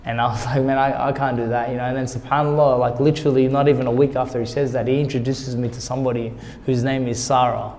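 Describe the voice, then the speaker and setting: A man of middle pitch, once a boxer, tells his story candidly and with feeling, and acts out what others said in lively quoted dialogue. His voice carries a long reverb, as if spoken in a large hall. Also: fast talker, hardly any pauses. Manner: emotional, retells conversations in quoted dialogue. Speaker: interview guest, former boxer.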